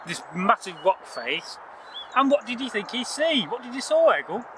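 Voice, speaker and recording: A man telling a folktale to a child in a playful, animated way, with drawn-out phrasing. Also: very high voice, background noise. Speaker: storyteller.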